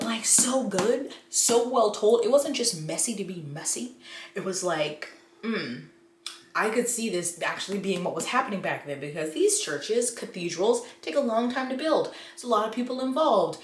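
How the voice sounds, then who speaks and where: A woman chatting casually and excitedly about books she loves, acting out her own reactions. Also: medium pitch. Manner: gushing, animated, quotes her own reactions. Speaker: book vlogger. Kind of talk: casual book review chat. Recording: echoey room with faint noise.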